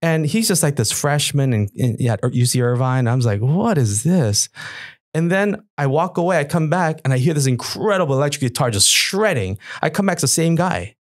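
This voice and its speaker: Middle-aged male guest, lively storyteller who acts out dialogue; dry, close sound. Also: a little fast, hardly any pauses, no echo. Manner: animated, acts out past dialogue with lively pitch jumps. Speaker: guest, worship musician. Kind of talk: casual storytelling interview.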